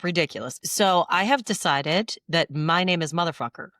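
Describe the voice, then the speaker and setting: A woman's voice: fairly low pitch, moderate pace, a bit bright, no room sound, clean studio sound. A woman co-hosting a podcast, chatting in a blunt, playful way and swearing freely. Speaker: podcast co-host. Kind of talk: casual chat.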